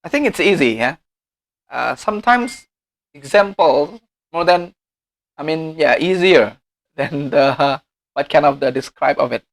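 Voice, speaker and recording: A man's voice: a little high, expressive, measured pace, vocal fry, long pauses. Indonesian-accented man teaching a lecture. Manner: explains step by step with examples, frequent self-corrections. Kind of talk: recorded lecture.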